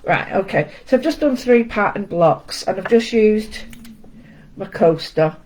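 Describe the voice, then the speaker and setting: Teaching art in a casual live stream from a home camera setup, this chatty host greets viewers by name and pokes fun at herself. Her mid-range voice has lively intonation and a darkish tone, coming a little slowly. Audio quality is poor.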